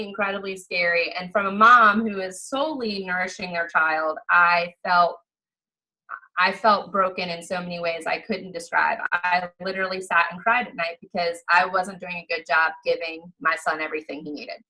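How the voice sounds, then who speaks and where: A woman's voice: fairly low pitch, fairly even intonation, moderate pace, sharp tone, rough recording. A woman in her thirties telling her personal story as a fitness coach, chatty and earnest with lots of fillers, acting out quoted conversations. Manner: acts out quoted exchanges in livelier voices. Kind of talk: personal testimonial.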